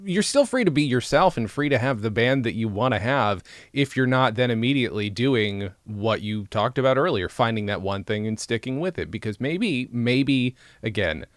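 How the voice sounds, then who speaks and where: A man's voice: mid-range voice, expressive, normal speed, hardly any pauses, dry recording. Male host, mid voice, casual and sweary, dead-dry room. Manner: enthusiastic, swears freely, stumbles into points. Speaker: podcast host. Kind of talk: casual interview chat.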